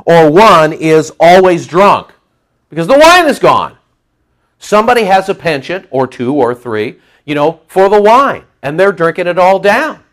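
A man preaching an expository sermon, conversational and animated, acting out the voices of churchgoers. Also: sits high, measured pace. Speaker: pastor.

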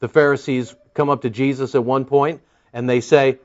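A man's voice: medium pitch, fairly even intonation, moderate pace, highs cut off. A man preaching an expository Bible-teaching sermon, emphatic and fond of rhetorical questions and pointed retorts.

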